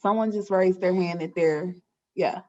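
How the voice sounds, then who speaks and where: A woman's voice: on the low side, steady tone, a little slow, warm tone. A woman hosting an online webinar in a chatty, friendly way, with frequent filler words. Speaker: webinar host. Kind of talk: casual hosting with housekeeping announcements. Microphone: video call. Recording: muffled video-call audio.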